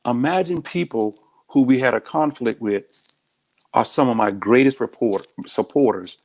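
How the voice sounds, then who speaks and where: A man's voice: medium pitch, normal speed, darkish tone. Earnest man, direct talk. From United States. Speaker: county sheriff, guest. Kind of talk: candid interview talk.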